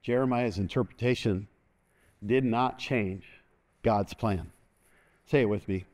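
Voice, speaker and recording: A man's voice: on the low side, unhurried, long pauses, darkish tone. An older man preaching a sermon as pastor, folksy and joking, leading the congregation in call-and-response.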